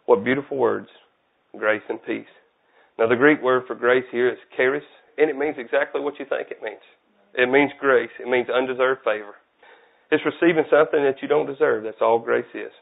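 A man's voice: mid-range voice, fairly even intonation, moderate pace, vocal fry. Folksy preacher man, tinny phone-like sound. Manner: conversational, folksy, self-deprecating asides. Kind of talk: casual sermon. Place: church.

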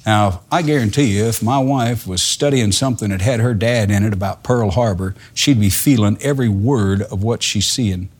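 An older man preaching a sermon in a folksy, earnest way, dropping to soft asides and rising to emphatic lines. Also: fairly low pitch, normal speed, hardly any pauses, breathy edge.

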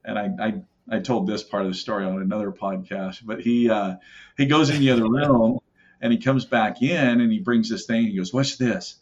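Man, middle-aged, low voice, rambling storyteller, dull lo-fi sound. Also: normal speed. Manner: rambling, many fillers and restarts, acts out quotes. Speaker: podcast guest, elk call maker. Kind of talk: casual storytelling. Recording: muffled lo-fi audio.

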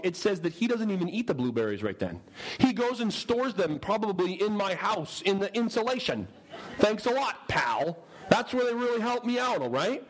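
A man's voice: sits high, slightly rough, poor audio. A male preacher telling a humorous story in a sermon and asking his listeners questions. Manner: animated, humorous, asks the audience questions.

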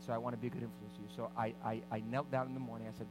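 A man preaching, a pastor telling a personal story in an animated way and acting out the scenes. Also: medium pitch, very fast, poor audio. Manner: animated, reenacts scenes loudly. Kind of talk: storytelling sermon. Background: background music.

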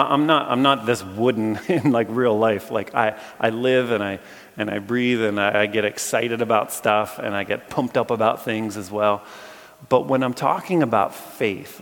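A man preaching a storytelling sermon to a live audience, talking in a casual way full of restarts and turning animated when the story gets exciting. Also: mid-range voice. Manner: animated, bursts of excitement when telling stories; conversational, with many fillers and restarts. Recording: long reverb from a large hall.

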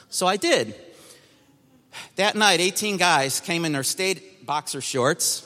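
Brief: man sharing his testimony to a congregation, emphatic and bright-toned, long hall reverb. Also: fairly high pitch, animated, moderate pace. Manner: emphatic, storytelling. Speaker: church testimony speaker.

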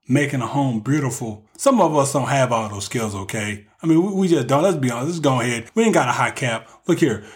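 A man with a fairly high voice gives relationship tips in a loose, joking monologue. He talks straight to the men in his audience, like he is coaching them. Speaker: vlogger giving relationship advice. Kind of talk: casual advice monologue.

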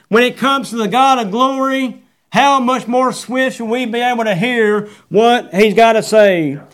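A middle-aged man preaching a sermon, quoting scripture and repeating refrains, with folksy phrasing and many halting fillers. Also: extremely high pitch. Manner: preaching with Bible verse references and repeated refrains. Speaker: pastor.

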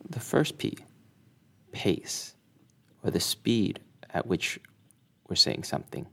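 Low slow guy explaining stuff in a lesson, calm and deliberate. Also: vocal fry. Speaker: instructor.

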